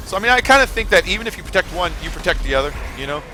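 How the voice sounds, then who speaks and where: A man's voice: high voice, expressive, racing, noisy background. A man streaming a game, chatting casually, rambling with lots of fillers and swearing. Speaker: gaming streamer. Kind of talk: casual live-stream chat while gaming.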